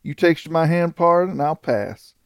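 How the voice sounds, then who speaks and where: A man voicing a coarse, desperate male outlaw in an audiobook, with rough frontier dialect. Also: mid-range voice, animated, normal speed, a little mellow, no echo, clean studio sound, natural voice. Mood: rueful.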